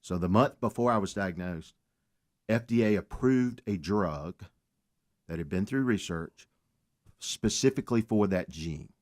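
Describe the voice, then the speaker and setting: Low-voiced earnest man. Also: animated, a little slow. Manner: earnest storytelling with faith remarks. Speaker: guest. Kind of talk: casual radio talk.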